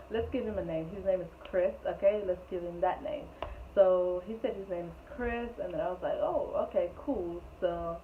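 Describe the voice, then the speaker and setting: A young woman chatting through a rambling storytime, laughing often as she tells it. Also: on the low side. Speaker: storytelling vlogger. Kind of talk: casual storytime. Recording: tinny phone-like sound with faint noise.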